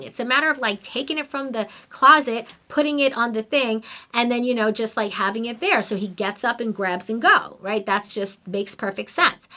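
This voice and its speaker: Animated, fairly high-voiced woman host. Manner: animated, emphatic and conversational. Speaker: podcast host. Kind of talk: casual storytelling monologue.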